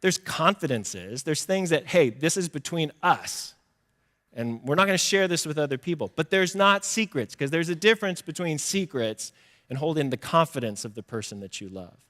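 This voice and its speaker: A man's voice: on the high side, expressive, brisk, bright, forceful tone. Man preaching in a reverberant church. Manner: conversational, self-deprecating, acts out little quoted exchanges. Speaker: pastor. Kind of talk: sermon. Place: church sanctuary.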